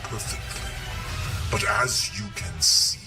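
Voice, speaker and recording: A man voicing a menacing male cyborg general with a raspy, hissing voice, speaking slowly with false civility. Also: lowish voice, distant mic. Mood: falsely civil. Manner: falsely civil, slow and threatening. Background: music.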